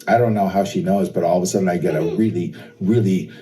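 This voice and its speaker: A man's voice: low voice, fast, dark tone, natural voice. A man in a parody sketch playing a nervous, henpecked husband who stammers and rambles. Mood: rambling.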